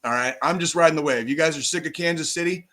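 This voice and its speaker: A man in his forties, a podcast co-host, talking football in casual chat, profane and animated, on a call mic. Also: fairly high pitch, fast. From United States. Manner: profane, animated sports ranting.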